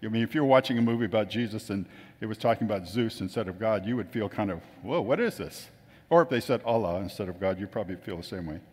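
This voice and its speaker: A man's voice: on the low side, very fast, darkish tone. A man telling chatty anecdotes to a gathering, acting out the voices of the people he quotes. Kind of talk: casual storytelling talk. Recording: long reverb of a hall.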